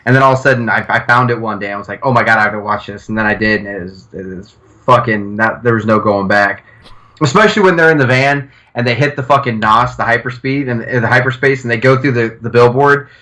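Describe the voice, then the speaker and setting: A man's voice: mid-range voice, quick pace, pushed and bright, low-quality recording. A man co-hosting a casual podcast, telling stories animatedly, swearing freely and acting out quotes. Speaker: podcast co-host.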